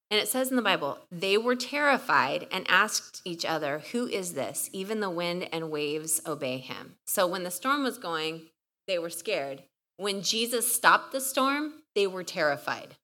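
Bright-voiced chatty woman preacher. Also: medium pitch, moderate pace. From California. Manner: chatty, animated, lots of "like". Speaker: retreat speaker. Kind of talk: storytelling sermon.

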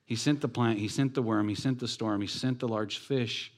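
A man's voice: medium pitch, steady tone, normal speed. A man preaching a sermon as pastor, talking in a conversational way with rhetorical questions and joking asides.

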